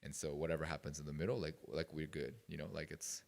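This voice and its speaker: A man's voice: rumbling low, flat delivery, fast, gravelly, a little mellow, in a large hall. A man speaking as a guest at a youth retreat, telling stories in a rambling, casual way with many fillers. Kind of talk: casual talk to a youth group. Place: retreat meeting room.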